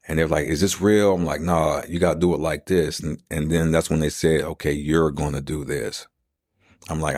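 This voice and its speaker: A man's voice: a bass voice, dry recording, clean studio sound. A middle-aged man hosting a podcast, telling his life story in casual streetwise slang and acting out the voices of the people he quotes.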